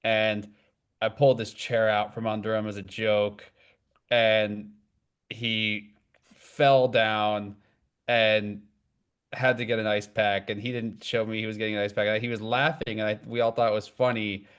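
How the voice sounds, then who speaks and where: A man's voice: lowish voice, level tone, measured pace, a bit bright, clear, resonant tone. A man co-hosting a podcast, telling a rambling story in casual chat with many restarts. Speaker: podcast co-host.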